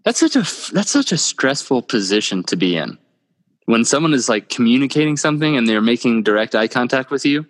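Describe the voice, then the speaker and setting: A man's voice: medium pitch, sing-song, a little fast. A man chatting casually as a podcast co-host, laid-back and swearing freely. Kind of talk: casual chat. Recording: long reverb.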